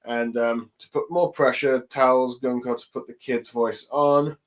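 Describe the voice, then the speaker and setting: Man, young adult, solo reviewer, casual recap, halting, lots of fillers. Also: medium pitch, fairly even intonation, low-quality recording. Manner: halting, many ums and let's sees. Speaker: chapter reviewer.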